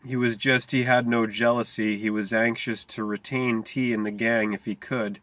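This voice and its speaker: Unhurried man reading a story aloud. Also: medium pitch, flat delivery, fairly bright tone, no room sound. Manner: unhurried, slowing on key phrases, small stumbles. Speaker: reader.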